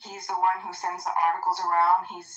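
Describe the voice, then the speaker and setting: A woman with a lowish voice joins a heated online audio room and presses her point insistently. Her sound is dull and lo-fi. It echoes as if in a roomy space. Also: flat delivery, a little fast, a bit bright.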